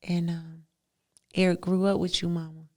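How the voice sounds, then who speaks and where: A woman's voice: on the low side, level tone, moderate pace, warm tone. A woman, hosting a heartfelt solo podcast, emphatic and repetitive, laughing often. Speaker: podcast host.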